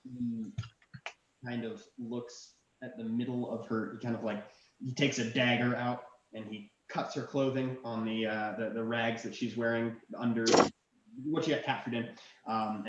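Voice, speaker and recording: A man narrating as game master in a relaxed way with many fillers, recorded in an echoey room with dull, lo-fi sound. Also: medium pitch, moderate pace, background noise.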